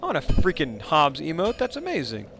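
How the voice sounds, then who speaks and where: Animated, gravelly-edged male streamer. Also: brisk, over music. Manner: playful and chatty, greets viewers, jumps up high on exclamations. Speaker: game streamer. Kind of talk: casual live-stream chat while playing.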